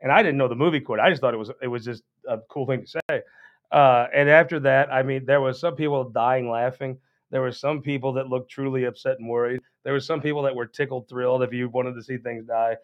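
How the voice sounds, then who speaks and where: A man's voice: medium pitch, fairly even intonation, a little fast, muffled recording. A man hosting a political show, giving a casual, rambling and folksy announcement with many restarts.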